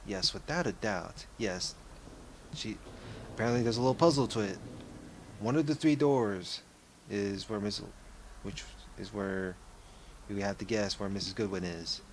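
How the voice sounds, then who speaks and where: A man's voice: fairly low pitch, moderate pace, pauses often, a little hiss or hum. A young man giving casual gameplay commentary, rambling and often correcting himself. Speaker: let's play gamer.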